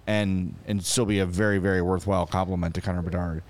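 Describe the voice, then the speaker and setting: A married man co-hosting a sports podcast, chatting casually and reeling off player names in lively stories. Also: low voice, fast talker. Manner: lively storyteller who rattles off player names. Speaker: podcast co-host.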